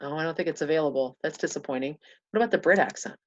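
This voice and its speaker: A woman's voice: low voice, very fast, lo-fi sound. A woman talking through a casual screen-share tutorial, thinking aloud with many fillers and restarts.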